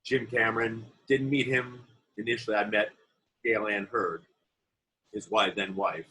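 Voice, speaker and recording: A man, an actor being interviewed, telling animated anecdotes from film sets in a casual way. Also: on the low side, measured pace, rough recording. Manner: animated anecdotes, acts out quoted voices. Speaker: actor guest. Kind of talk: interview storytelling.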